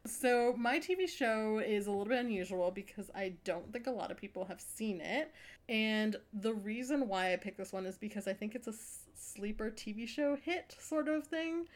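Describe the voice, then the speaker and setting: A woman's voice: medium pitch, expressive, moderate pace. A woman co-hosting a casual chat, enthusiastically recommending a show and swearing casually. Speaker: podcast co-host. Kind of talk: casual chat about true crime TV.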